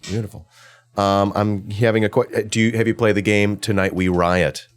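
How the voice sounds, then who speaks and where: A man's voice: lowish voice, little pitch movement, moderate pace. A man hosting an interview show, talking in a casual, chatty way and often repeating words as he restarts.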